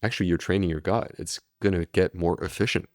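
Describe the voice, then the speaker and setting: A man's voice: sits low, steady tone, quick pace, a little mellow, no room sound, studio quality. A man, a medical doctor, explaining steadily and earnestly in a podcast interview. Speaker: gastroenterologist guest.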